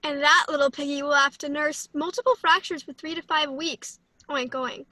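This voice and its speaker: A cocky male spy delivers deadpan quips, voiced by a woman in an amateur read-through. The voice is high and bright, recorded dry and close. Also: moderate pace, dry recording. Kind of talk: amateur script read-through over video call.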